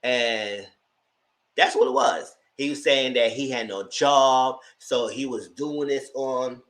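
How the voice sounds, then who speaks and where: A man's voice: medium pitch, takes it slowly, poor audio. A man casually recapping a reality TV episode, telling it as a story and acting out the people's lines. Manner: animated storytelling, acting out quotes. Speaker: TV show reviewer.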